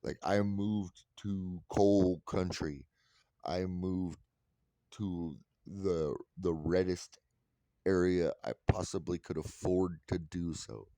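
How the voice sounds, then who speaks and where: Man, angry commentator, low voice, drawn-out delivery, dry close sound; blunt and profane. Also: fairly even intonation, dark tone, no echo. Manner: repeats and restarts words when worked up. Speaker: online commentator.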